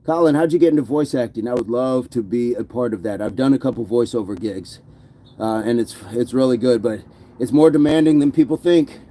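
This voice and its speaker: A little fast and warm, this medium-pitched male voice comes from a fitness livestream set in a home gym, with a bit of hiss or hum in the audio. The host reads viewer comments aloud and chats in a relaxed, meandering style, using lots of fillers.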